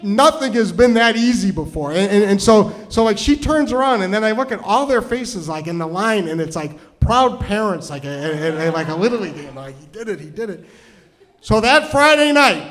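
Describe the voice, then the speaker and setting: Storytelling comic, male, higher-pitched voice; rambling, full of restarts, drops to a hush and rises to shouts. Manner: rambling, lots of stammered restarts and "like"; swings from hushed and tender to loud and shouting. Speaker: storytelling comedian. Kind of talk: stand-up storytelling. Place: stage before a live audience.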